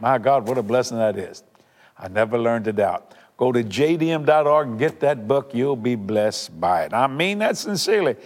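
Preaching and praying in a large hall for television, an older man speaks in a mid-range voice at normal speed, animated throughout. He is fervent and emphatic, repeating lines and alternating loud declarations with hushed, sincere asides.

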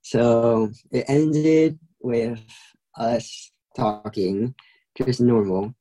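A man's voice: mid-range voice, fairly even intonation, very slow, warm tone, low-quality recording. A young man, a podcast guest, telling a story in a casual way with many "like"s and light laughs. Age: young adult. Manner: casual, filler-heavy with frequent "like", laughs lightly.

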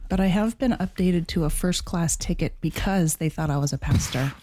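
A woman guesting on a podcast with a lowish, mellow, warm voice. She talks in an easy, chatty way. The sound is dry and close-miked. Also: moderate pace, dry recording. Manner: chatty, easygoing, laughs readily. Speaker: art therapist guest. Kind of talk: casual podcast interview. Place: Las Vegas.

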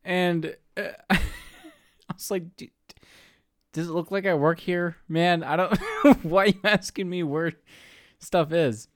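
A man's voice: high voice, takes it slowly, pauses often, dry recording, clean studio sound. A young man from the Pacific Northwest, co-hosting a podcast, telling a story in a casual way, laughing often and swearing freely. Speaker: podcast co-host.

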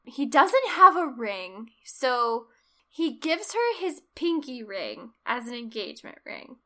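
A woman co-hosting a casual chat, retelling a film's plot in animated detail and acting out the characters' lines. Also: a little high, slow. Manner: animated storyteller, acts out quotes, laughs often. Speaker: podcast co-host. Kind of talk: casual film recap chat.

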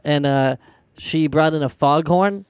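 A man's voice: a little high, unhurried, smooth, dry recording. A man on a podcast, telling a school story in a blunt, plain way. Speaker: podcast co-host. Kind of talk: casual storytelling chat.

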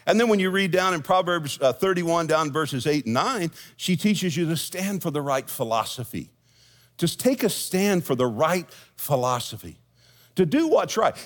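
A middle-aged man preaching from the pulpit with a slightly high-pitched voice. He speaks in a folksy, storytelling way, slipping in jokes and asides for his congregation. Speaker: senior pastor. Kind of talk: sermon. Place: church sanctuary with congregation.

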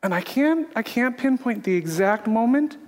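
A middle-aged pastor preaching a confessional sermon from a church stage. His voice sits high for a man, and he talks in an earnest, emphatic way. Long reverb fills the sanctuary around him. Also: expressive, normal speed. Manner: earnest, emphatic, laughs at himself. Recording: echoey hall reverb.

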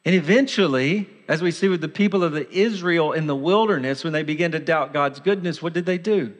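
Pastor, male, fairly high voice, earnest sermon delivery, long hall reverb. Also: fairly quick. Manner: earnest preaching, dramatizing the voice of sin. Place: church sanctuary.

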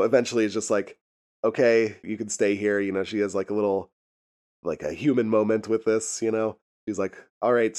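Dude rambling thru a show recap, laughs a lot, swears, just casual chat. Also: male voice, lowish voice, a little mellow, clean tone. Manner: rambling, laughs often, profane. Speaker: podcast host recapping a TV episode.

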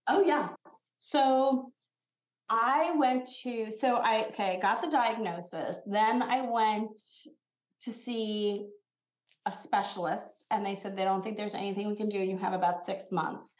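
A woman's voice: mid-range voice, a little slow, roomy sound, rough recording. A woman who founded a skincare brand talks as a podcast guest in a casual chat. She tells stories with energy and acts out the quotes. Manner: animated storyteller, acts out quotes.

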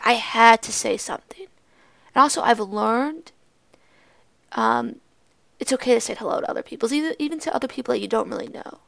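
A woman's voice: fairly high pitch, gravelly, dry recording. A young woman hosting a podcast, telling a story in a blunt, profane, rambling way. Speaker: podcast host. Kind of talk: casual storytelling monologue.

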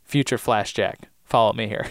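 A man's voice: lowish voice, moderate pace, gravelly, no room sound, clean studio sound. A man co-hosting a podcast, casually recapping TV episodes with a joking, playful manner. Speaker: podcast co-host.

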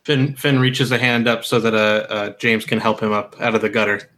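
A man's voice: on the low side, steady tone, moderate pace, a bit bright. Easygoing male game player. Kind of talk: tabletop game table talk.

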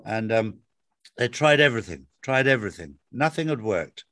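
This is a man's voice at a middle pitch, recorded close with a dry sound. He tells personal stories in an easy conversational way. He repeats key words and phrases for emphasis. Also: expressive, moderate pace, a bit bright, dry recording. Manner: storytelling, emphatic repetitions. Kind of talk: casual faith conversation.

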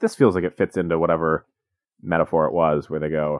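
A man's voice: rumbling low, fairly even intonation, fast talker, no echo, clean studio sound. A man co-hosting a podcast, recapping a movie in a rambling, wry casual chat. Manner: rambling, wry, acts out quotes. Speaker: podcast co-host.

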